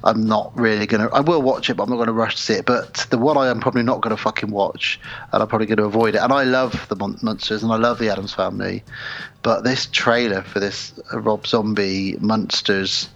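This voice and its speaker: A man's voice: lowish voice, steady tone, fairly quick, gravelly, a bit bright, muffled recording. A man co-hosting a horror podcast, chatting casually, telling stories and acting out quotes, swearing freely. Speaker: podcast co-host. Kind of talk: casual chat.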